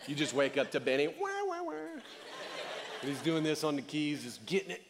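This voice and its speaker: A man's voice: fairly high pitch, quick pace, crowd noise, noisy background. Joking, conversational male pastor. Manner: conversational, joking, acts out little voices. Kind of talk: sermon.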